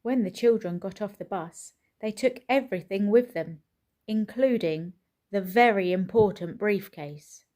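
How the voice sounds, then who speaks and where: Reading a children's picture book out loud, a woman uses a mid-range voice and a slow, expressive storyteller's delivery.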